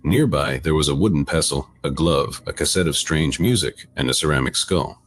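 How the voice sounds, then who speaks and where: A man reading a scripted true-crime narration in a flat, even retelling. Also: rumbling low, normal speed, a little hiss or hum. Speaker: video narrator.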